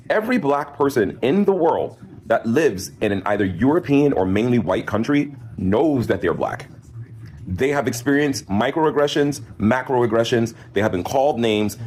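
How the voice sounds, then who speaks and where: A man's voice: mid-range voice, darkish tone. A man hosting a commentary video, emphatic and direct, lecturing the viewer. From United States. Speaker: host.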